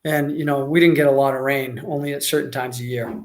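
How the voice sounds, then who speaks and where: With a mid-range, steady voice that runs a little fast, this American man chats loosely on his livestream from Mexico. He reads viewer comments and rambles, full of fillers and restarts.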